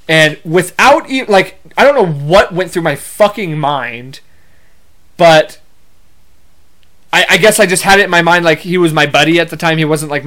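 A man's voice: fairly high pitch, a bit bright. A young man hosting a podcast, telling casual stories in a rambling, self-correcting way with some swearing. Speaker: podcast host. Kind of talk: casual storytelling monologue.

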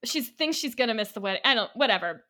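Woman, podcast co-host, giggly, chatty, bright voice, slightly high. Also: lively intonation, fast. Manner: chatty, giggly, many fillers. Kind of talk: casual chat, recapping a movie.

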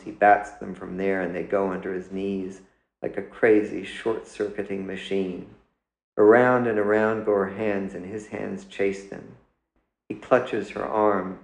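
A man, the author, reading his own literary story aloud in a measured, deliberate way. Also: on the low side, creaky, reverberant, low-quality recording. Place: indoors.

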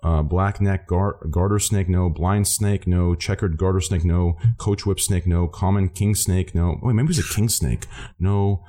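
A man's voice: low voice, steady tone, measured pace, hardly any pauses, mellow. An American man hosting a charity stream, reading out donations with profane joking banter and many fillers. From United States.

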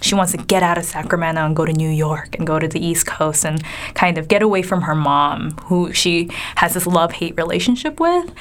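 A woman's voice: fairly low pitch, fairly quick. A young woman from California chatting as a co-host, telling her story earnestly with many fillers. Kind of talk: casual chat.

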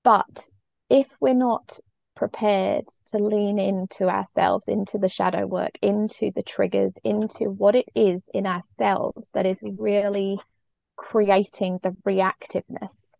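Earnest woman with a gravelly edge. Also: medium pitch, fairly even intonation, takes it slowly, darkish tone, no echo, highs cut off. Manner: earnest, reflective, emotionally open. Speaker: podcast guest, parenting coach. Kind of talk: conversational interview storytelling.

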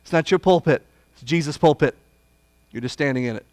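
A man preaching a Bible study sermon, blunt and folksy, swinging from loud emphasis to hushed asides. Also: a little high, fairly quick, no room sound.

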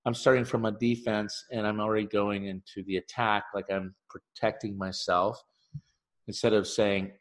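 A man, a relationship therapist, speaking in a podcast monologue, telling an animated story full of asides and repeating key phrases for emphasis. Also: on the low side.

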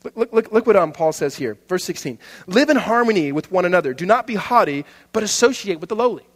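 A man preaching a sermon, telling stories animatedly and dropping to a soft voice for emphasis. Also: sits high, fast, in a large hall. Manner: animated storytelling, laughs often, drops soft for emphasis. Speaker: pastor.

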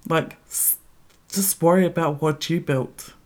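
A woman's voice: deep voice, fairly even intonation, unhurried. A middle-aged woman hosting a podcast, ranting bluntly with heavy swearing and strong emphasis. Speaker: podcast host. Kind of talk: casual ranting monologue.

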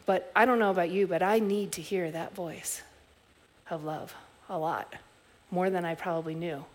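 A middle-aged woman preaching a sermon as a pastor, telling stories in a reflective way with soft restarts. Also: lowish voice, steady tone, moderate pace.

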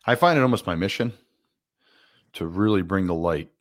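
A man's voice: sits low, animated, moderate pace. A man hosting a casual sports interview, earnest and reflective, asking a lot of rhetorical questions. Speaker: podcast host, former player.

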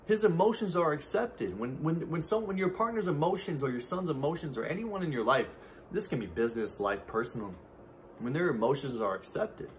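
Earnest man with a higher voice. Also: slight background noise. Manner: earnest, heartfelt, speaks from personal experience. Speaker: podcast host. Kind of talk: reflective solo talk.

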